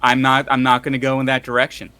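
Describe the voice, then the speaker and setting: A man's voice: mid-range voice, monotone, fast talker, sharp tone, clean tone, no room sound. A man co-hosting a casual tabletop gaming podcast, speaking as a game master in an enthusiastic, rambling way.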